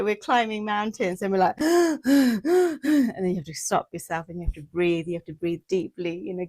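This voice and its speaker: A woman's voice: on the low side, darkish tone, no echo. A woman giving a spiritual monthly energy forecast, speaking in flowing, repeated lists, recorded outdoors in the mountains. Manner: flowing, repetitive lists of affirmations.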